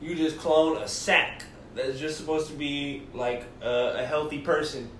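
Dude going on about cloning, says bro, echoey room, faint noise. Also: male voice, a little high, fairly even intonation, a little slow, fairly bright tone. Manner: insistent, says bro a lot, swears. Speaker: restaurant worker. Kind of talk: casual chat. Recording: echoey room, far from mic.

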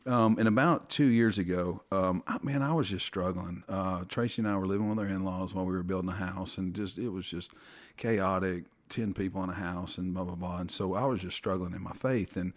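A middle-aged man with a very low, deep voice tells an earnest personal story of faith. He speaks haltingly and restarts his sentences often as he searches for the words. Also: steady tone. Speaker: podcast guest.

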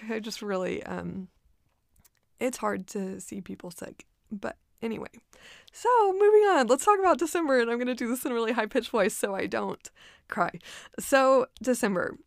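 Chatty woman with a gravelly edge. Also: mid-range voice, no room sound, studio quality. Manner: chatty, many fillers, laughs often. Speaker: vlogger. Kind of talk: casual personal reflection. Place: home in Austin.

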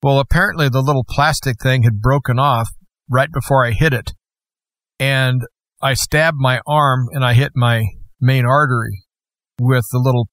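A man telling a personal testimony in an earnest, deliberate storytelling manner. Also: mid-range voice, fairly even intonation, fairly bright tone, no room sound.

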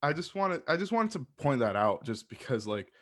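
A man's voice: medium pitch, sing-song, normal speed, fairly bright tone. A man talking in a casual podcast chat, passionate and rambling, swearing freely as he makes his point.

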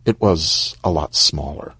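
A man narrating a short story in a wry, expressive storybook reading. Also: a bass voice, measured pace, husky, no echo, clean studio sound.

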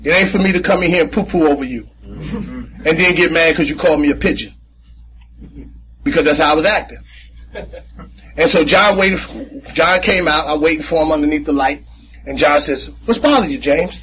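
A man speaking at a recovery meeting, telling his personal story in an animated, conversational way with casual slang and frequent repeats. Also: on the high side, moderate pace, pauses often, slight background noise, poor audio. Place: meeting room.

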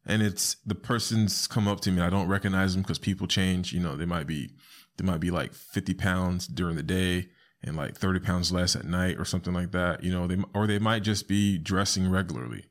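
A man hosting a podcast alone, talking casually and animatedly, often jumping into high squeaky voices to quote people. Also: fairly even intonation, brisk. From South Florida. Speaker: podcast host. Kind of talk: casual solo podcast commentary.

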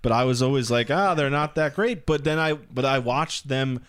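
A man's voice: mid-range voice, normal speed, dry recording. A man, a comedian co-hosting a podcast, telling stories with animation and acting out what people said. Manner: animated storytelling, acts out quotes. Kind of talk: casual podcast chat.

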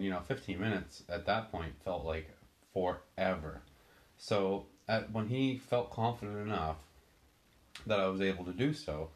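A man telling a personal story in a casual, halting way, full of restarts and fillers. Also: low-pitched. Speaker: storyteller recounting a sailing ordeal.

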